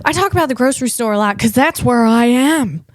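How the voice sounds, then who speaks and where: A woman with a fairly high voice hosts a comedy podcast and spins loose, rambling stories about her family. She gushes and drifts, tossing in a playful "man" and "you know" as she goes. Her voice sits close and dry, with almost no room sound. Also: a little fast, no room sound. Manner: gushing and animated about family. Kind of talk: casual comic storytelling.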